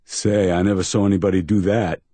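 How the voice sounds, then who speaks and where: A man's voice: low-pitched, little pitch movement, a little fast, dark tone, no echo, studio quality, pitched above the performer's own voice. A man voicing a tall, thin male bit-part actor in a crime audiobook who speaks in a whiny, injured, evasive way with a put-on foreign accent.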